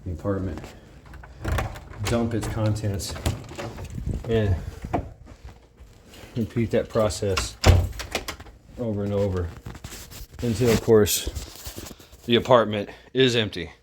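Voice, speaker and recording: A man's voice: on the low side, steady tone, slow pace, pauses often, noisy background. A man rambling casually to his viewers in a vlog, swearing now and then, out of breath and sweaty while moving out. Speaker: vlogger. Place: outdoors, hot day, moving out of an apartment.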